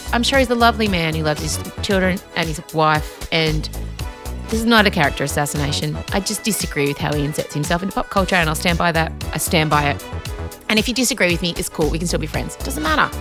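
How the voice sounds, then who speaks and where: A woman hosting a podcast, talking in animated, ranty bursts full of swearing and quick asides. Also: lowish voice, over music. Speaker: podcast host. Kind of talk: casual chat.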